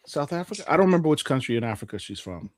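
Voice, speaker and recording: A man in his forties hosting a casual podcast chat about comics news, talking in an animated, playful and emphatic way. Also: on the high side, rapid-fire. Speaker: podcast host.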